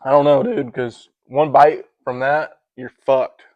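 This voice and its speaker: A young man co-hosting a podcast in casual chat, telling stories with lots of swearing and throat-clearing. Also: medium pitch, little pitch movement, a little slow, no echo, narrow, tinny audio. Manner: profane storytelling, clears throat often. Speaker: podcast co-host.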